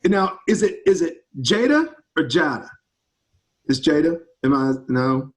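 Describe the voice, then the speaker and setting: Eager pastor on a call. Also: male voice, fairly high pitch, moderate pace, a little mellow. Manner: enthusiastic, eager, upbeat. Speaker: campus ministry pastor. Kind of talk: casual Q&A with students on a video call.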